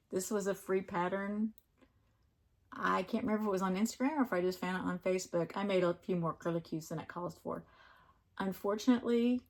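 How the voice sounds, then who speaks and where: A woman's voice: lowish voice, a little mellow. Chatty woman showing off her crochet. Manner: chatty, rambling, fond of her crafts. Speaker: crafting vlogger. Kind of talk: casual chat. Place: home crafting room.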